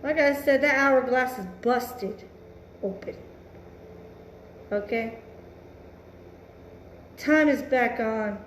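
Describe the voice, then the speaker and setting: A woman's voice: fairly high pitch, takes it slowly, pauses often, reverberant, slight background noise. Blunt, swearing woman tarot reader. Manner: blunt, emphatic, swears freely, musing aloud. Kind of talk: casual tarot reading.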